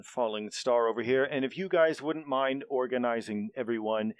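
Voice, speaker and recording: A man's voice: mid-range voice, normal speed, clear, resonant tone, dry recording, close to an everyday voice. A man voicing a male bard who poses as a pompous manager and addresses a crowd in an officious, speech-giving way, in a tabletop game. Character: male bard grandly posing as a corporate manager.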